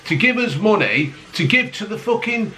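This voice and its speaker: A man's voice: high-pitched, very animated, normal speed, pushed and bright. Ranting, sweary man. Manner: angry, sweary rant. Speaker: vlogger. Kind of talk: ranting casual chat.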